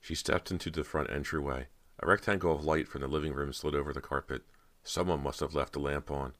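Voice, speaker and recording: A man narrating a horror audiobook in a steady storytelling manner. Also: very deep voice, a little fast, no room sound.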